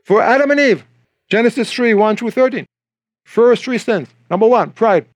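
A male preacher with a high-pitched voice delivers an animated sermon. He acts out the voices of the people he quotes. The sound is close and dry, with no room echo. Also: normal speed.

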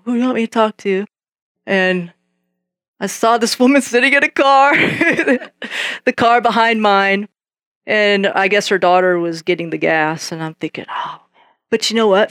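A woman's voice: mid-range voice, dry recording, studio quality. A woman sharing her Christian testimony in a casual way. She tells the story vividly, acts out the conversations, and laughs often. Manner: lively storytelling, acts out both sides of conversations; laughs often while telling.

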